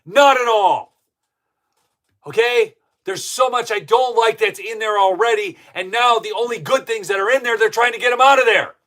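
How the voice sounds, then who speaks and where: A man's voice: sits high, brisk, hardly any pauses, bright, forceful tone. A man hosting a live-streamed political commentary show, heated and indignant, talking straight to his chat.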